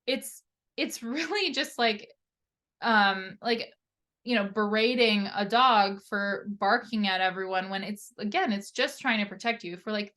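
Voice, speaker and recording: Woman teaching in a relaxed, chatty way. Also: mid-range voice, moderate pace. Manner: relaxed, conversational, many tag questions. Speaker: occupational therapist. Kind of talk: presenting a lesson.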